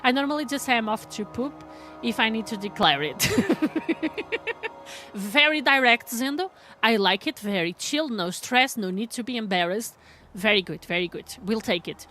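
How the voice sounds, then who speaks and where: A woman's voice: fairly high pitch, expressive, fairly quick, sharp tone, soft background music. A woman live streaming, chatting casually with viewers, laughing often and reading their messages aloud.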